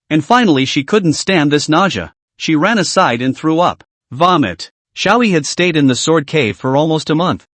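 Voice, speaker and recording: Lively male story narrator. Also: a little high, dry recording. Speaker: recap narrator.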